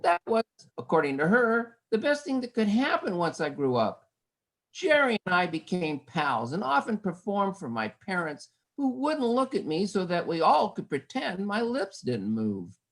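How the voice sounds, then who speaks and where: A woman reading her own poem at an online event, wry and lively, calling out counts in quoted lines. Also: medium pitch, moderate pace, rough recording. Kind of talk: poetry reading. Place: home video call. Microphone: video call.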